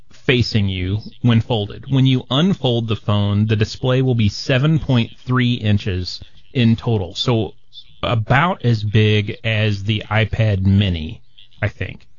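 A man on a radio talk show explaining new phones from his notes in a casual, halting way. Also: medium pitch, lo-fi sound. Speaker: tech guest on radio show.

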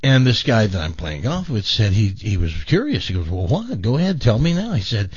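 A man's voice: lowish voice, big pitch swings, brisk, few pauses, breathy edge, dry recording, lo-fi sound. An older man hosting a talk show, telling a long personal story with many stammering restarts. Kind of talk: storytelling in casual chat.

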